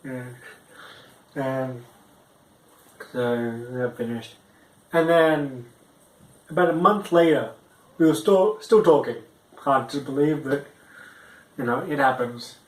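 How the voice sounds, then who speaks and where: A young man doing a stand-up story, rambling and halting, with frequent restarts and fillers. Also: mid-range voice, reverberant, low-quality recording. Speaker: stand-up comic.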